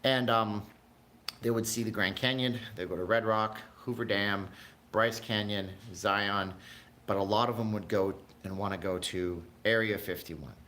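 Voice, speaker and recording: A man's voice: on the low side, steady tone, a little slow, sharp tone, a little hiss or hum. A man hosting a casual livestream, chatting in a rambling way, jumping between tangents and talking to his live chat viewers. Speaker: livestream host.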